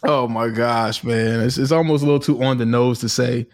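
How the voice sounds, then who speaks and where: A man's voice: mid-range voice, steady tone, moderate pace. A man co-hosting a podcast in casual chat, earnest and rambling. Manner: earnest, rambling, with many fillers. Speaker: podcast co-host.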